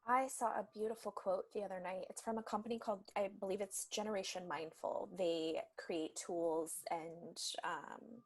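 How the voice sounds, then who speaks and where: A gentle woman with a breathy, slightly husky voice at a mid pitch. She co-hosts a reflective conversation and speaks with heartfelt thoughtfulness. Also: fairly even intonation, normal speed, few pauses. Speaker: intuitive healer and co-host.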